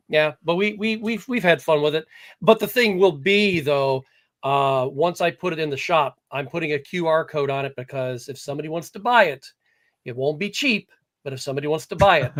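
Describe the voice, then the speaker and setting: A man co-hosting a live podcast, telling rambling stories in casual chat. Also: a little high. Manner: rambling, chatty storyteller. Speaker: podcast co-host.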